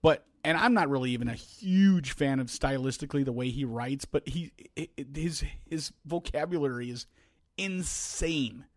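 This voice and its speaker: A man's voice: mid-range voice, moderate pace, no echo. A man with a mid-range voice chats casually on a podcast, rambling and restarting his sentences. His tone is wry. The sound is dry and close. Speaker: podcast co-host. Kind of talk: casual chat.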